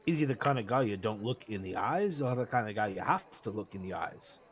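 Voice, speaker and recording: A man's voice: fairly low pitch, lively intonation, fairly quick, soft background music. A man playing in a tabletop game, talking casually. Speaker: player.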